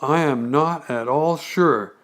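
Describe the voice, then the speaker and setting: A man's voice: fairly high pitch, takes it slowly. A man doing a motherly, firm kangaroo mum. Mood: brisk. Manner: soothing but firm. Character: motherly, brisk female kangaroo.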